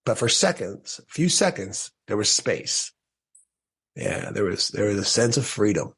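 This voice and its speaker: As a podcast guest, a man with a low, husky voice tells a personal story with animation, acting out what he used to think, stumbling through restarts and letting out short laughs. His pitch swings widely, his pace is measured, and his tone is a bit bright.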